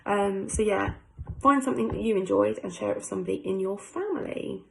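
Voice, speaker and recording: A woman's voice: medium pitch, fast talker, vocal fry, slight background noise, rough recording. A young woman teacher reading a class book aloud, stopping to ask her pupils questions in a chatty way. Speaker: primary school teacher.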